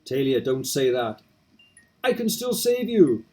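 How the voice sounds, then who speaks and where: A man's voice: medium pitch, sing-song, a little slow, dark tone, soft background music. A man reading aloud as a desperate husband trying to save his dying wife, urgent and pleading. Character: desperate husband, frantic and loving. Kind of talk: reading game dialogue aloud.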